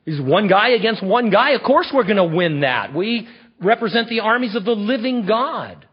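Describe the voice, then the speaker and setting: A man's voice: high-pitched, big pitch swings, normal speed, breathy edge, voice pushed up, heavily acted. A man voicing an indignant, bold young man with an incredulous, rising delivery. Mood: eager. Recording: dull lo-fi recording.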